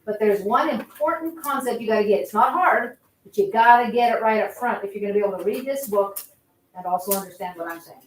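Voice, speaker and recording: A woman's voice: mid-range voice, quick pace. Woman teaching math in an echoey classroom. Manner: conversational, repeats herself while explaining. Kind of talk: classroom lecture. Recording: roomy classroom audio from a distance.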